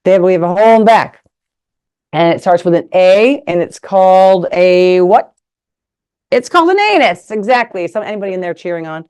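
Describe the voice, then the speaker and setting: A woman's voice: lowish voice, animated, brisk, a little mellow, clean tone. A middle-aged woman, a retired nurse and sex ed teacher, giving a frank, playful talk with props over a video call. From United States. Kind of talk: live online presentation with props. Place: indoors at a table.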